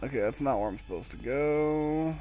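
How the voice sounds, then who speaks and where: Faint music sits behind a man with a mid-range, dark-toned voice speaking at normal speed. Streaming a video game live, he rambles to himself with dry, offhand commentary.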